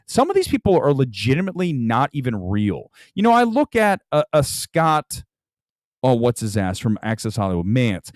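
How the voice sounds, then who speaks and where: A man's voice: medium pitch, wildly swooping pitch, moderate pace, dry recording, clean studio sound. A man hosting a casual livestream as a movie critic, ranting bluntly and combatively, often repeating himself for emphasis.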